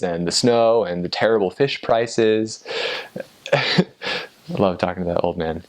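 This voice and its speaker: A man and former missionary explaining in a relaxed, hesitant way, pausing often on fillers. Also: fairly low pitch. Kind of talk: casual spoken explainer.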